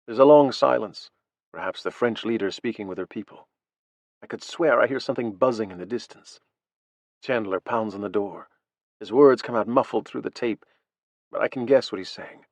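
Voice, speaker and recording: A man narrating a first-person audiobook in a steady, even reading voice. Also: on the low side, normal speed, no echo.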